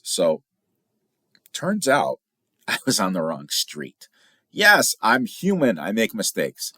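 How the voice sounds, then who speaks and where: Deep-voiced middle-aged guy from illinois, podcast host telling stories, chatty and animated, dry close sound. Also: slow, dry recording. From Illinois, USA. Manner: chatty, animated storyteller who jumps in pitch for emphasis. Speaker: podcast host, firearms instructor. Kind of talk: casual storytelling podcast.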